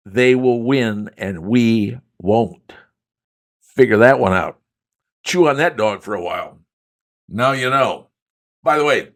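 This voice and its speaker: A man in his seventies hosting a political talk show, giving emphatic, folksy commentary and talking straight to his listeners as "folks". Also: medium pitch.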